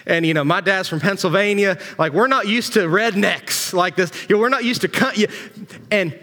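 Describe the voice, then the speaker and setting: Virginia preacher guy, fairly high voice, folksy jokey sermon, big echoey church hall. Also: normal speed, sharp tone. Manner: folksy storytelling with humor. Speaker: pastor.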